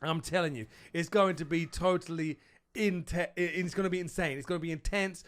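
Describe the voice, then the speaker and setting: Hyped high-voiced man recapping wrestling. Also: fairly even intonation, fairly quick, a bit bright. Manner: hyped, stumbles and repeats himself; calls viewers dudes. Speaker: gaming channel host. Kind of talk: excited wrestling recap vlog.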